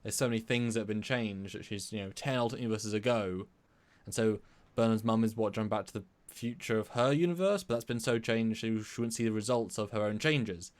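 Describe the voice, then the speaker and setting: A man from England co-hosting a live stream discussion, talking in an animated, rambling way with many restarts. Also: lowish voice, a little fast. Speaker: co-host.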